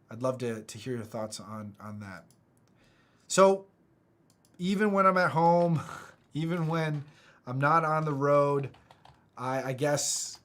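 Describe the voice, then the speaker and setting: Man, from the United States, motivational speaker, casual online talk, earnest, halting, frequent restarts, middle pitch. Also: a bit bright.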